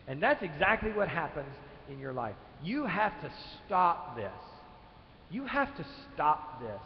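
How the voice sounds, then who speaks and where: A man preaching a sermon, swinging from loud emphatic lines to quiet ones, in a church sanctuary. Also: on the high side, slight background noise. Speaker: pastor. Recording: echoey church hall, dull live stream.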